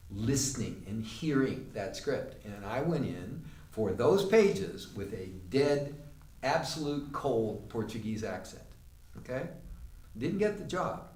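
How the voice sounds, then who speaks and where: A man's voice: mid-range voice, darkish tone. A man teaching an acting class, telling a long anecdote in a conversational way with fillers. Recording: roomy, distant mic with faint noise.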